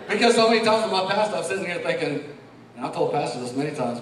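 A man's voice: high-pitched, animated, normal speed, pauses often, background noise. A middle-aged man giving an earnest, emotional church testimony and quoting scripture, with laughs between lines. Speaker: lay preacher. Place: church sanctuary. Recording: echoey hall, mic far off.

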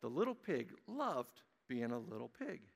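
Animated man telling children a story. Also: medium pitch, moderate pace, gravelly. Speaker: pastor giving children's message. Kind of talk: children's sermon and storybook reading. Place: church sanctuary. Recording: long church-hall reverb.

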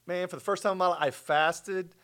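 A middle-aged man telling a personal faith story as a guest in conversation, earnest and animated. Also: sits high, fairly quick. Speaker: guest sharing his testimony.

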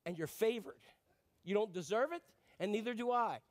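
A male pastor delivering a sermon in a high, lively voice. He keeps asking the congregation questions and briefly plays out the people in his story. His delivery is animated and direct. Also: normal speed. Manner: animated, acts out quotes, asks audience questions.

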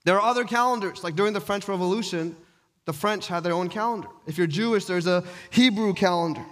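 A man's voice: sits high, fast talker. A pastor delivering a conversational sermon to his church, posing rhetorical questions as he teaches.

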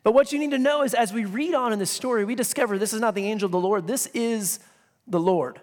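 A man's voice: high voice, fast, a little mellow. A male pastor preaching a sermon in a conversational way, reading scripture with emphasis and dropping joking asides. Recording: long reverb of a large hall.

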